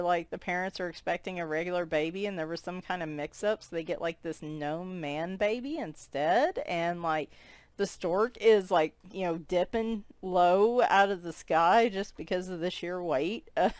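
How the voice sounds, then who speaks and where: A woman's voice: fairly low pitch, moderate pace, no echo. A woman chatting casually as she flips through a coloring book, amused and giggling as she comments on each picture.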